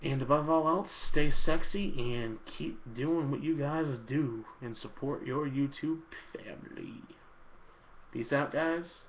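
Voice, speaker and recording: A man's voice: a little high, slow, highs cut off, slight background noise. A man answering viewer questions in a casual, rambling vlog, with lots of ums and uhs.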